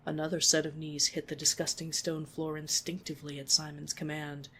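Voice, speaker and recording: A reader narrating fan fiction aloud in a steady, expressive way. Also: mid-range voice, a little fast, slight background noise.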